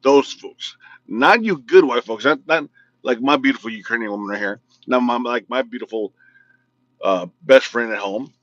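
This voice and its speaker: This is a man from Illinois in the United States hosting a casual video talk show, where he rants about politics to camera, blunt and joking, his speech sometimes slurred and mumbly. His mid-range voice has a fairly bright tone and moves at a normal pace. The recording is dry and lo-fi with a dull sound and no room ambience.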